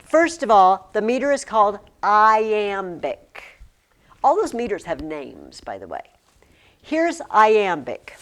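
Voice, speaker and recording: In a classroom, a middle-aged woman teacher speaks with lively energy, her mid-range voice swooping up and down at a slow pace. She chants rhythms aloud and chats with her students along the way.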